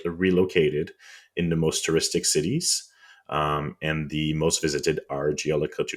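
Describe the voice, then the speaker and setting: A man with a French accent and an extremely low, rumbling voice talks through history on a podcast. He explains in a loose, casual way, pausing on ums and restarting hard words. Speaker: podcast co-host.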